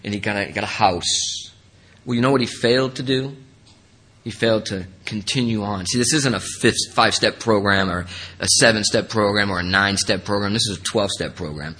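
Earnest, husky man sharing his story. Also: a little fast, pushed and bright, low-quality recording. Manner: earnest, emotional and rambling, voice dropping low when sad. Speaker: recovery meeting speaker. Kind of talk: personal testimony.

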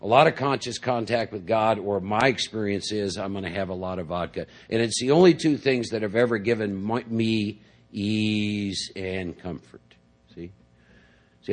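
A middle-aged man speaking to a large audience at a recovery meeting, telling his story in a rambling way full of "you know" and "see?". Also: fairly low pitch. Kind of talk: personal recovery talk to a group.

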